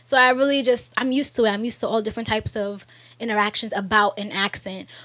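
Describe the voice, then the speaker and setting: A woman's voice: a little high, fast talker. A young woman from New York with a New York accent, talking animatedly and emphatically as an actress guest on a podcast in a studio. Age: young adult. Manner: animated, emphatic, talks in long runs. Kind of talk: casual podcast interview. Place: recording studio.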